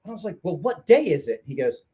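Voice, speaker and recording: Male storyteller with a raised, animated voice; swears freely and rambles through his anecdote. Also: fairly high pitch, quick pace, breathy edge. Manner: profane, rambling anecdote with laughs. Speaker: storyteller guest. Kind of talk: casual storytelling chat.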